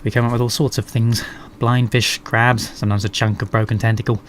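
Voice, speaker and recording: A shy, dainty male albino rat fisherman, as a man reads him, gentle and soft-spoken at a mid pitch. A faint noise floor runs underneath. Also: level tone, brisk, lightly acted.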